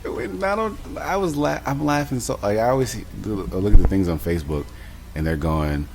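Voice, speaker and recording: A young man co-hosting a casual podcast chat, halting and restarting with bursts of laughter. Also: on the low side, expressive, vocal fry, noisy background. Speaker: podcast co-host.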